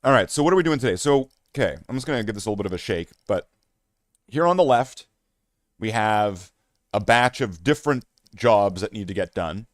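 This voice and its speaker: Casual streamer guy, low voice, dry close sound, rambles and self-mocks. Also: animated, fairly quick, dry recording. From Canada. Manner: rambling, self-mocking, many fillers and restarts. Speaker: hobby streamer. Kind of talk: casual live-stream chat.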